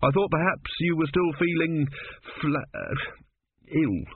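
A man's voice: fairly high pitch, sing-song, measured pace, breathy edge, voice pushed up, heavily acted. A man voicing a worried older father, fretful and hesitant, in an audiobook reading. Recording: tinny phone-like band, dry.

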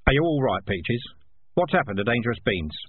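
Storybook rat leader, young and earnest, urgent and raised, as a man puts him on, lively pitch, phone-like sound. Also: brisk, a little hiss or hum, close to an everyday voice.

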